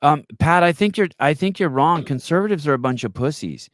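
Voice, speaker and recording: A man hosting a podcast, chatting casually and telling stories with quick back-and-forth retorts. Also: fairly high pitch, no room sound, studio quality. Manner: animated storyteller, quick retorts. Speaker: podcast host. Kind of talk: casual chat.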